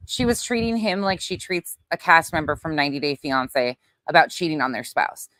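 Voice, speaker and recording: A woman's voice: deep voice, fairly quick, a bit bright, no echo. A woman hosting a casual livestream, chatting bluntly with her viewers, swearing now and then. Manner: blunt, swears, greets chat names. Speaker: livestream host. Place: outdoors at night, windy.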